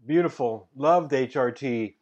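A man's voice: medium pitch, a little slow, darkish tone, dull audio. A man co-hosting a casual chat, answering with wry, mock-dramatic jokes. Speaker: co-host.

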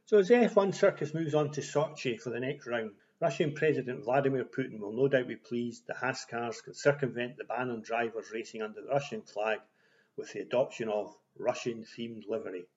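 A man's voice: mid-range voice, brisk, darkish tone. A man with a mid-range voice reads his monthly racing column in a dry, ironic tone. The sound is dull and lo-fi. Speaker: guest columnist. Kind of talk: scripted commentary. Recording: dull lo-fi audio.

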